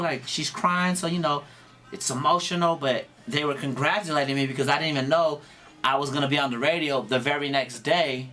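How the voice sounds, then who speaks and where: Radio DJ, male, relaxed street-slang storyteller, bright, punchy voice. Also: medium pitch. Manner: slangy, laid-back street talk. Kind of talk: casual interview storytelling.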